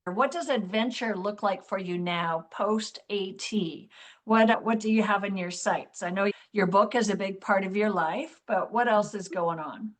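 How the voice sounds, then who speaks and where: A woman's voice: mid-range voice, unhurried. Woman podcast host, encouraging interviewer with follow-up questions.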